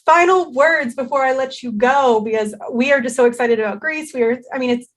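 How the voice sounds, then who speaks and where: Perky interview host, high voice, enthusiastic, laughs easily. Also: female voice, a little fast. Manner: upbeat, enthusiastic, laughs often. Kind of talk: casual interview chat.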